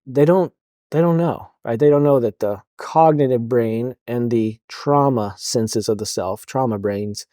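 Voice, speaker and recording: Male counselor guest, mellow dark tone, casual, halting speech full of "um" and "like". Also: mid-range voice, no echo, clean studio sound. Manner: halting, full of fillers and restarts. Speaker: counselor for police officers. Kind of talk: casual podcast interview.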